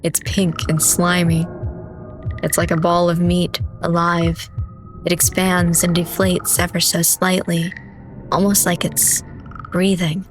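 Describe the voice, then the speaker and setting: A young woman streamer reading horror narration from a visual novel slowly and dramatically. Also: lowish voice, monotone, soft background music, poor audio.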